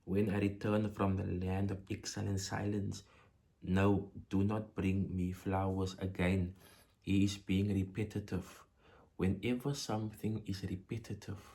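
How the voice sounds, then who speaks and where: Male teacher, deep and even-toned, slow deliberate explanation of a poem, repeats key phrases. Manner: repeats words and phrases for emphasis. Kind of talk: poetry lesson for exam prep.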